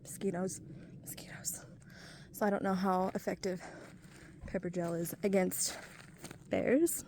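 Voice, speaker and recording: A woman's voice: fairly low pitch, steady tone, a little slow, a little mellow, a little hiss or hum. A woman chatting casually while out of breath on a mountain trail, rambling and self-deprecating into a handheld camera. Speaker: vlogger. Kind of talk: casual vlog chat while hiking.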